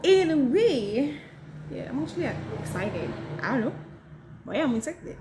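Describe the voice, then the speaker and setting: A woman's voice: high-pitched, big pitch swings, moderate pace, very noisy. Chatty Nigerian woman vlogger, echoey room. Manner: chatty, repeats "so yes", talks to viewers directly. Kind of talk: casual book-summary vlog.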